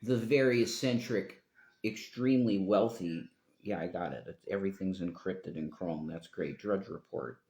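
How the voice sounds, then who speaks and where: Low-voiced man rambling on a livestream. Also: moderate pace, darkish tone. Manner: meandering, swears freely, trails off mid-sentence. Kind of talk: rambling live-stream monologue. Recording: roomy echo.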